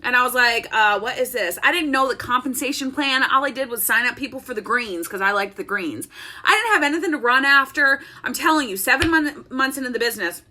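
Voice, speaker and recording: A woman tells an animated, chatty story from her home office. Her voice sits high and bright, with a pitch that leaps all over as she laughs her way through it. She talks casually and straight to her viewers. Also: fairly quick. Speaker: network-marketing business leader and vlogger.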